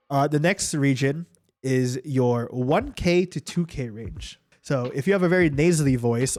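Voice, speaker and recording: A young man talks through a casual audio tutorial in a relaxed, chatty way, with plenty of fillers and restarts as he demonstrates on himself. His voice sits at an ordinary middle pitch and comes through a home studio microphone. Soft background music plays faintly underneath. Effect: live equalizer changes on his own voice. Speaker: streaming audio tutorial host. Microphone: studio microphone in a home streaming setup.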